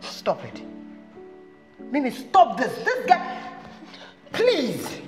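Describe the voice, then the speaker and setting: A fiery Nigerian best friend. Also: female voice, sits high, wildly swooping pitch, extremely slow, heavily acted. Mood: reassuring. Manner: mixes Nigerian Pidgin, scolding and emphatic. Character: Joy, a protective, outspoken female friend. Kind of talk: Nollywood film acting. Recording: echoey room with music underneath.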